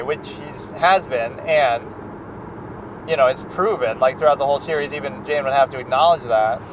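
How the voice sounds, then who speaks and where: A man's voice: medium pitch, moderate pace, noisy background. Rambling man talking about films. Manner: rambling, full of "like" and restarts. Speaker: film critic. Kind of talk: casual spoken commentary.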